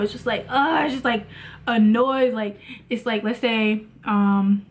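A woman's voice: on the high side, moderate pace. A woman vlogging in a casual motivational talk about faith, chatty and preachy, with lots of "like".

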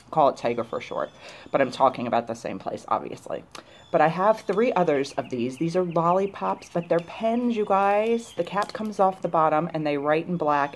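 A woman's voice: low-pitched, a little hiss or hum. A woman chatting casually to camera in a shopping haul video, gushing over cute little items. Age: adult, grown woman. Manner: gushing, chatty, excited about cute things. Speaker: YouTuber showing a shopping haul.

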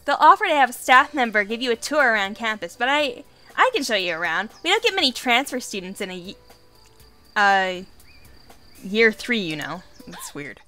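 A woman's voice: fairly high pitch, animated, pushed and bright, soft background music. A woman doing a bubbly teen girl roommate. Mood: eager. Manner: fast and bubbly.

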